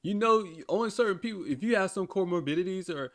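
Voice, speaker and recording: A man's voice: sits high, lively intonation, fast talker, dry recording, clean studio sound. A man hosting a podcast in a casual, blunt way, swearing freely and laughing often as he talks. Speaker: podcast host. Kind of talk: casual talk.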